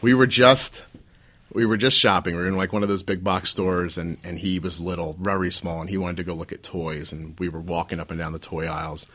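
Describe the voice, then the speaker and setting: A man's voice: sits low, fairly bright tone. A stay-at-home dad and author in his forties, an interview guest telling personal stories in a candid, rambling way with self-deprecating asides.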